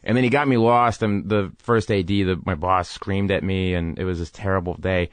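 A male podcast guest telling an anecdote in an animated, self-deprecating way, laughing as he goes. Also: low voice, moderate pace, dry recording. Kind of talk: storytelling anecdote in a podcast interview.

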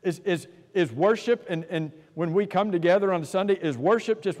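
A man's voice: high voice, normal speed, few pauses, a little mellow. A man preaching an earnest sermon in a church, asking rhetorical questions and often repeating words as he starts a thought. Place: church sanctuary. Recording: long church-hall reverb.

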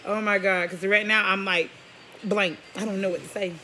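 A woman's voice: medium pitch, fairly even intonation, moderate pace, pushed and bright, slight background noise. A woman, a mother chatting loosely and laughing through a family roast session. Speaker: mother and vlog host. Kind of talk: casual family roasting chat.

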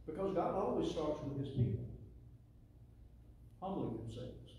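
A man preaching a sermon, building to loud call-and-response with the congregation. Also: a little high, very animated, unhurried, a little hiss or hum. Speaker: pastor. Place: church sanctuary. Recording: echoey church hall, distant mic.

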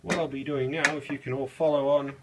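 A man's voice: mid-range voice, flat delivery, brisk, background noise. A young Australian man chatting casually as he cooks in a small kitchen, rambling with lots of fillers and slang. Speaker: vlogger. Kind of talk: casual cooking vlog.

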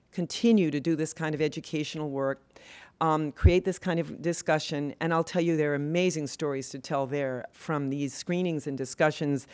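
A woman's voice: deep voice, darkish tone. An older woman speaking earnestly and with passion at an award event, with frequent fillers and restarts. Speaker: award speaker, women's health advocate.

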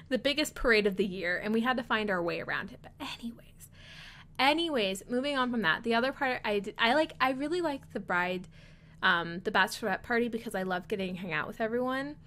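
A young woman with a slightly high voice narrates a casual voice-over. She rambles chattily and keeps breaking into little laughs as she tells her story. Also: fairly bright tone. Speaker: video creator.

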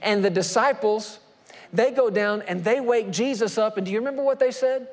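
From the pulpit of a church sanctuary, a male pastor with a high voice preaches emphatically at normal speed, posing rhetorical questions to the congregation. The church hall adds a long reverb.

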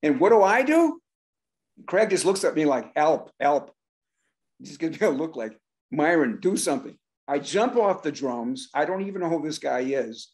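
Older man, drummer, animated storyteller, slightly high voice, lively delivery. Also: moderate pace. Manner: animated, acts out voices and shouts in his stories. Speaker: guest drummer.

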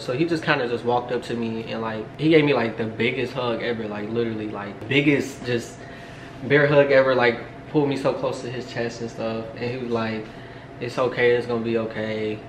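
A man's voice: medium pitch, brisk, slight background noise. A young man vlogger telling a candid, rambling storytime in a casual way, full of fillers. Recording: echoey room.

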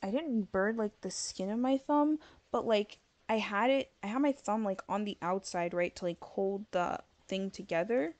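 A woman's voice: medium pitch, normal speed, a little mellow, no echo. A woman streaming a video game live, chatting casually and rambling with lots of "like", tired and yawning late at night. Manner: chatty and rambling, many fillers of "like". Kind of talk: casual chat while gaming live.

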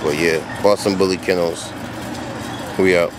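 Hyped deep-voiced man showing off his dogs. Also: steady tone, unhurried. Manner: hyped, slangy, talks straight to viewers. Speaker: dog breeder and kennel owner. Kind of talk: casual vlog walkthrough. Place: outdoors at a kennel yard. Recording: loud outdoor noise with traffic.

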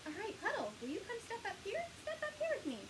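A woman's voice: very high voice, wildly swooping pitch, fast, noisy background. A woman children's librarian leading a storytime, talking to small children in an exaggerated, cheerful, sing-song way.

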